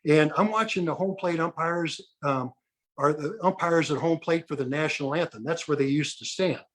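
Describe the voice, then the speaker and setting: A man's voice: on the high side, moderate pace. A man in his sixties, a retired ball player, telling anecdotes and acting out the people he quotes. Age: 60s. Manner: lively storyteller who acts out the people he quotes. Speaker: guest, retired baseball pitcher. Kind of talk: anecdotal storytelling.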